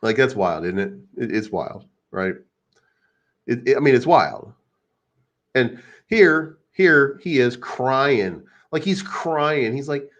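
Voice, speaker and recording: A man's voice: mid-range voice, expressive, slow pace, fairly bright tone. A man hosting a crypto channel, ranting casually in a rambling, crude, mocking way. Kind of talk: casual unscripted rant. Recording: dull lo-fi recording.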